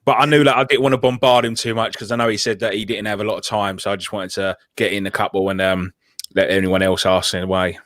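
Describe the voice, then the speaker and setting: A man's voice: fairly low pitch, flat delivery, fast, fairly bright tone. A man co-hosting a fan football stream, jokey and sweary. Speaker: co-host. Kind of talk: casual banter. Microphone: online voice call.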